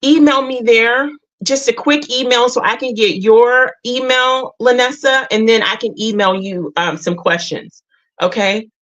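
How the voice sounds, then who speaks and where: Host, woman, middle-aged, earnest and emotional chat to viewers, slightly raised pitch, dull lo-fi sound. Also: a little slow, fairly bright tone. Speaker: livestream host. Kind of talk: casual livestream chat.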